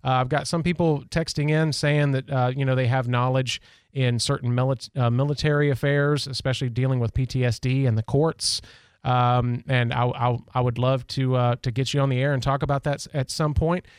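A man's voice: mid-range voice, little pitch movement, brisk, clear, resonant tone, no echo, studio quality. A man hosting a local talk radio show, telling stories in a rambling, chatty way with many fillers. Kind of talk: casual storytelling monologue. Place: radio studio. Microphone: studio microphone.

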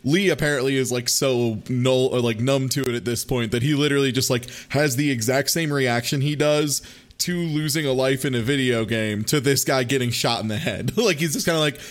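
A man's voice: medium pitch, fairly quick. A man co-hosting a podcast, telling scenes animatedly and laughing often. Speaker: podcast co-host. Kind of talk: casual chat.

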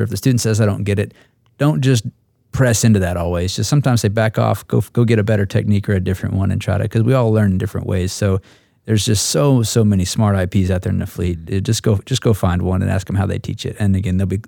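A man who is an instructor pilot, telling a story at a roundtable in a halting way with many repeated words. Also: fairly low pitch, creaky, dark tone, no echo, clean studio sound.

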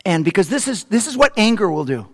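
A man preaching a sermon as pastor, swinging between loud, excited passages and hushed, slow ones. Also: sits high, big-room sound.

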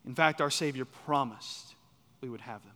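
Emphatic preacher man, bright ringing voice. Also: mid-range voice, normal speed. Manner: emphatic, repeats key phrases, swings between loud and soft. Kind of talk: sermon. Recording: reverberant hall.

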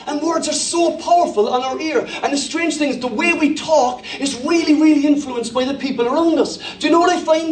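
High-voiced Irish pastor preaching with humor. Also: male voice, brisk, few pauses. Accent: Irish, Cork. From Ireland. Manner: humorous, self-deprecating, storytelling. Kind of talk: sermon. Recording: echoey church hall from a distance.

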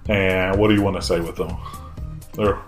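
A man in the role of game master, narrating a tabletop game in a casual, halting way. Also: low-pitched, fairly even intonation, faint music behind. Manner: casual, halting, many fillers.

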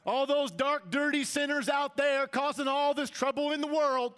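Guy doing a high, sneering southern preacher, finger-pointing at everyone. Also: fairly even intonation, normal speed, a bit bright. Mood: scornful.

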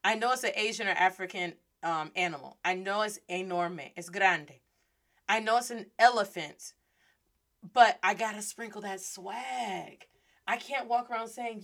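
A woman's voice: sits high, moderate pace, fairly bright tone. A woman hosting a playful Spanish lesson, mixing Spanish words into English and acting out little scenes. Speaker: Spanish teacher and host. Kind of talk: energetic casual language lesson.

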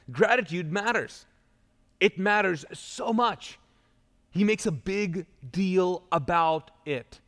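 A male pastor giving a live sermon in a church, talking in a conversational storytelling way with restarts and asides. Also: a little high. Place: church auditorium. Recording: long church hall reverb.

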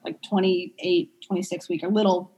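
Young woman speech therapist chatting on a podcast, breathy, lots of ums and likes. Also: on the low side, moderate pace, poor audio. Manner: chatty, many fillers, animated retelling of stories. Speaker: pediatric medical speech-language pathologist, guest. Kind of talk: casual interview conversation.

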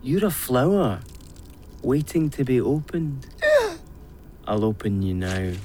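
A man's voice: mid-range voice, sing-song, takes it slowly, warm tone, slight background noise. An actor playing a cruel, self-pitying man who mockingly threatens a maid in a radio play. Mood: mocking menace.

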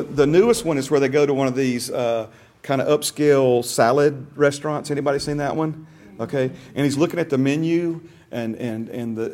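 A man's voice: mid-range voice, a little mellow. A man teaching a Bible class in a casual way, often repeating words and quizzing his listeners.

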